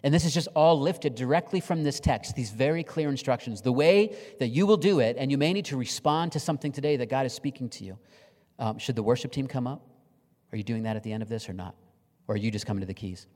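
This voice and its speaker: A man's voice: medium pitch, fast, darkish tone. Middle-aged pastor guy preaching, chatty storytelling, gets emotional and jokey, big echoey church hall. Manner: conversational storytelling, emotional and humorous. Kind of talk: sermon. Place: church sanctuary. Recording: long reverb of a large hall.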